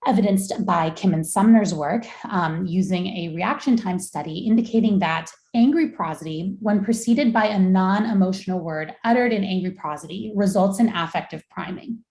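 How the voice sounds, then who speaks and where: Young adult woman researcher, low gravelly voice, measured academic lecture delivery, echoey room. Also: a little mellow. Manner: measured, explanatory. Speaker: researcher giving a talk.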